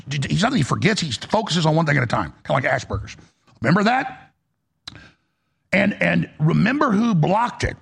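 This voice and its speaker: A man's voice: on the high side, creaky, a bit bright, slightly rough. A man ranting as a political commentator in a heated, exasperated monologue, blunt and profane.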